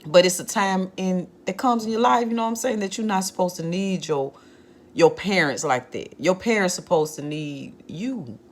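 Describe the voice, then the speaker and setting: A woman's voice: fairly low pitch, normal speed. A woman vlogger candidly telling a personal story in a conversational monologue, often using "like" as a filler.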